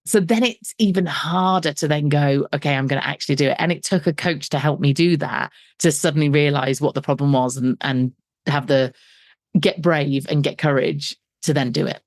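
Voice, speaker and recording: In a studio-quality recording with no echo, this middle-aged woman speaks at a moderate pace in a deep voice. A business coach being interviewed, she tells her story conversationally and with energy, acting out exchanges with self-deprecating humour.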